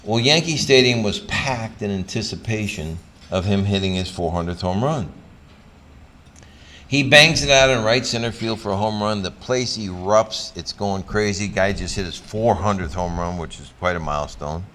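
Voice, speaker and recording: An older man, a former pro athlete, giving a motivational talk full of personal stories that he acts out with lively, sometimes loud energy. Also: on the low side, moderate pace. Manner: animated storyteller who acts out scenes, loud when excited.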